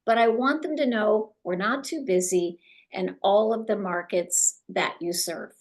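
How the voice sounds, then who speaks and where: Animated middle-aged woman coaching real estate agents. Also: mid-range voice, measured pace. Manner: animated, acts out client conversations.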